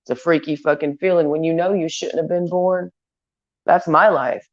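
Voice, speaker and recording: Woman vlogger, low-pitched, blunt and foul-mouthed, rambling rant, dull lo-fi sound. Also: fairly even intonation, moderate pace, a little hiss or hum. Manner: crude, profane, blunt. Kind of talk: rambling stream-of-consciousness rant. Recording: dull lo-fi recording.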